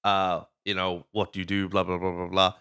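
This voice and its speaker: A Welsh man hosts a casual movie podcast, his voice sitting a little low but with a bright, forceful edge. He rambles through the plot in loose chat, swearing freely and wandering off on tangents. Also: monotone, moderate pace, clean tone. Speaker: podcast host.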